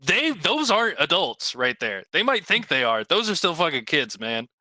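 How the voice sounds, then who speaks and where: A man's voice: a little high, moderate pace, no room sound. A man running a tabletop game as game master, talking with frequent fillers. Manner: animated, lively delivery with frequent fillers.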